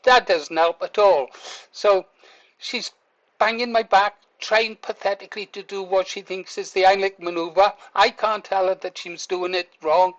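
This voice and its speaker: A man's voice: sits high, fairly even intonation, moderate pace, lo-fi sound. An older man, a vlogger, telling a story in a chatty way, laughing through it and swearing now and then. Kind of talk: casual storytelling to camera.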